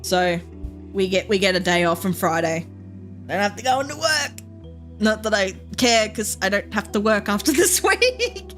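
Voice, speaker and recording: A woman's voice: mid-range voice, expressive, normal speed, a bit bright, soft background music. A young woman from Queensland with an Australian accent, chatting casually on a live stream, rambling with lots of fillers and frequent giggles.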